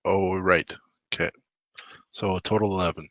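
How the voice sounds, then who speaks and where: Low bright guy player, keeps checking rules, dry sound. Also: fairly even intonation, normal speed, dry recording. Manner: asks about rules, unsure. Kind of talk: tabletop game play.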